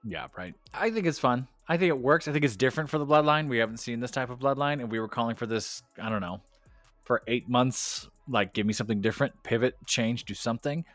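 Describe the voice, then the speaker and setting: A man co-hosting a wrestling podcast in casual chat, opinionated and animated, laughing often. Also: mid-range voice, fast talker, dry recording, soft background music.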